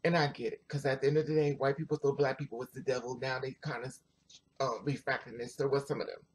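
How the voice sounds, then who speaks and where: A vlogger telling a personal story to viewers in a chatty, animated way, full of asides. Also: medium pitch, fast talker, slightly rough. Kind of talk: casual storytelling to camera.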